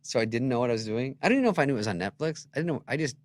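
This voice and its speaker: A middle-aged comedian telling stories in a casual chat, acting out the people he quotes with sudden loud jumps. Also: medium pitch, rapid-fire, no echo. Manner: animated, acts out quoted voices with loud jumps. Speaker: guest comedian.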